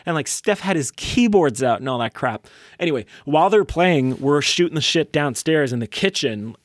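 A man's voice: on the high side, lively intonation, normal speed, no echo. A man in his twenties, hosting a podcast, telling a rambling, profane, self-mocking story in casual chat. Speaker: podcast host.

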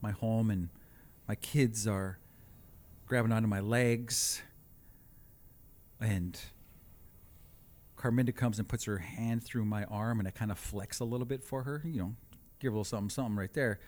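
A man telling a comic personal story, animated with deadpan asides. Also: lowish voice, moderate pace, long pauses.

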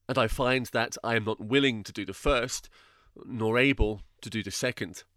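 A man's voice: mid-range voice, normal speed, fairly bright tone, dry recording, studio quality, close to an everyday voice. A man voicing an anxious, burdened male pilgrim who pleads in solemn, old-fashioned speech. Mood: pleading. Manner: solemn, archaic phrasing.

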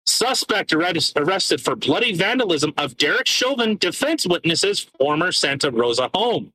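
Podcast co-host, male, bright edgy tone, sarcastic ranter, heavy swearing. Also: on the high side, big pitch swings, husky, no room sound, poor audio. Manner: sarcastic, swears often, reads charges aloud haltingly. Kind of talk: casual podcast rant.

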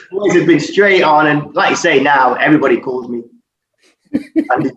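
A man's voice: on the high side, a little fast. Sweary man telling stories. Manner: sweary, laughing, animated storyteller. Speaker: former footballer guest. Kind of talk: casual storytelling chat. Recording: echoey, distant, dull audio with faint noise.

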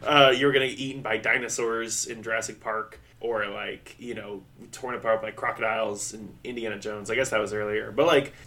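A man's voice: on the low side, fairly even intonation, fairly quick, few pauses, bright, forceful tone. A man co-hosting a podcast in casual chat, rambling and laughing often as he acts out quotes. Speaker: podcast co-host.

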